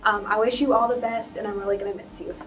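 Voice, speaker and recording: A teacher giving a friendly tribute message of thanks. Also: female voice, medium pitch, steady tone, quick pace, far from the mic.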